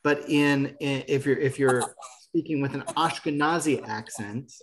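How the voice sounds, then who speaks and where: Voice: medium pitch, measured pace, noisy background. Patient online Hebrew teacher. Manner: patient, encouraging corrections. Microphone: video call.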